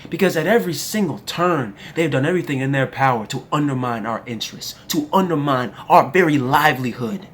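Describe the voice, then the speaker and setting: Young adult commentator, furious profane political rant, wildly swinging pitch. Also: lively intonation, fairly quick, few pauses, a bit bright. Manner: indignant, profane, emphatic.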